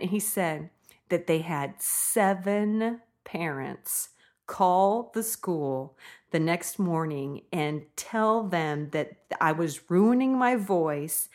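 A woman hosting a podcast in a casual, chatty monologue, laughing often as she talks. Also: on the low side. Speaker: podcast host.

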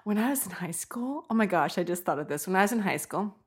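A woman's voice: medium pitch, animated, fast. Giggly woman hosting a podcast. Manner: giggly, laughs often. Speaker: podcast host. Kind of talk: casual chatty monologue.

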